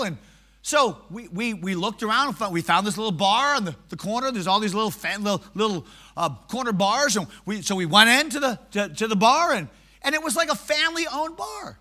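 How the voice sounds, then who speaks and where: A man preaching a sermon, telling stories in an animated, self-mocking way. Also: sits high, fairly quick.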